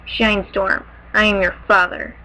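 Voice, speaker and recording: A woman's voice: medium pitch, flat delivery, moderate pace, sharp tone, a little hiss or hum, natural voice, low-quality recording. A woman voicing a menacing male cat warrior who taunts in a cold, cutting way during a storybook reading. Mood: taunting.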